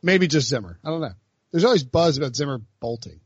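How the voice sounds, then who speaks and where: A man's voice: a little high, lively intonation, quick pace, slightly rough, no room sound, lo-fi sound. A man hosting a casual sports talk show, rambling with many fillers and restarts. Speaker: host.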